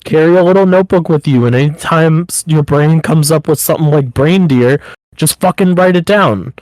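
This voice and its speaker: A man with a slightly raised pitch chats on a casual podcast. He speaks bluntly, swears casually and keeps pressing his friend with pep-talk advice. The sound is close and dry. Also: brisk, darkish tone, no room sound, rough recording. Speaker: podcast co-host.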